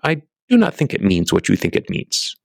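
Guy putting on a high mock-accent swordsman, grave and proud, dry close sound. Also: huge pitch swings, normal speed, vocal fry, no echo, exaggerated voice. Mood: solemn.

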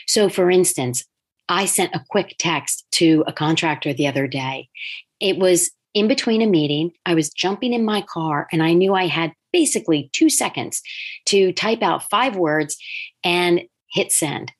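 A middle-aged woman with a husky, slightly low voice talks through her work life on her own podcast. She tells stories in an animated, conversational way and slips into other people's voices when she quotes them. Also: measured pace. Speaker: podcast host, designer. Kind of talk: casual solo podcast talk.

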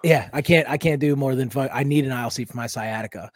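Fast-talking podcast comedian man. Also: medium pitch, no room sound, studio quality. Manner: rambling, joking, laughs often. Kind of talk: casual comedic chat.

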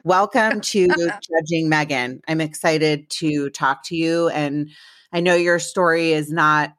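Low-voiced chatty woman podcast host. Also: fairly even intonation, slow, a bit bright, dry recording, clean studio sound. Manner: chatty, rambling storytelling. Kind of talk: casual chat.

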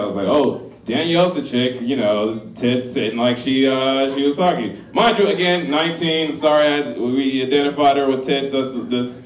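A man in his thirties spins a crude comic story on stage, loose and profane, laughing through it. His voice sits at a middle pitch. It sounds roomy, picked up from some distance off the mic. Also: moderate pace, few pauses. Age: 30s. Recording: roomy live room, voice from a distance.

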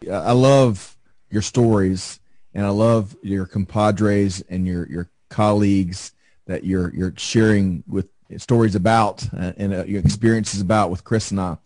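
A male interviewer with a low, mellow voice responds with sympathy and short acknowledgements. His voice is recorded dry and close, with no room sound. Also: steady tone, unhurried, dry recording.

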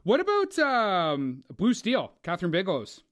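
A man's voice: high voice, wildly swooping pitch, normal speed, a bit bright. A man co-hosting a casual movie podcast, rambling and cursing, often restarting his sentences. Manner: rambling, swears a lot, stumbles and restarts. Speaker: podcast co-host.

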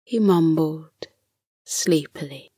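A woman narrating a bedtime story for children in a soft, hushed voice that often drops to a whisper. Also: deep voice, slow, slightly rough, dry recording, studio quality.

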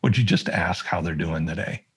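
A man's voice: deep voice, moderate pace, breathy edge. A man, a podcast guest, telling a story earnestly and acting out the voices he quotes. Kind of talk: conversational storytelling.

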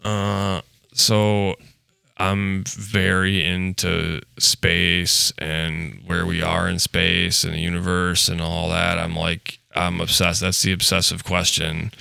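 A man with a low, gravelly voice tells rambling, profanity-laced stories from his diving days. His tone is bright and crisp over a dry studio sound. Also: level tone, takes it slowly, dry recording. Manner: profane, storytelling, laid-back. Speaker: guest, commercial diver. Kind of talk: casual podcast chat.

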